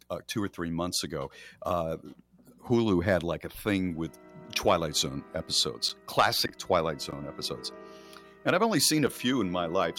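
A man co-hosting a radio talk show, retelling a story in a rambling, animated way with restarts. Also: low voice. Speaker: radio co-host. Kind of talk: casual storytelling.

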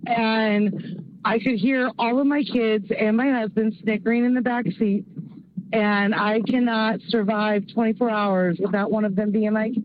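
A woman's voice: on the high side, fairly even intonation, unhurried. A woman from Oklahoma with a Midwestern accent, leaving a rambling, self-mocking voicemail for a morning show. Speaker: caller. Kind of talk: voicemail message. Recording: tinny phone line.

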